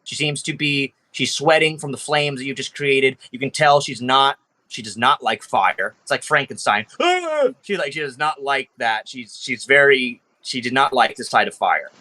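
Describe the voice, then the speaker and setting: Guy dming a tabletop game, bright voice, kinda rambly. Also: mid-range voice, animated, normal speed. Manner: casual, rambling with restarts. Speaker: game master.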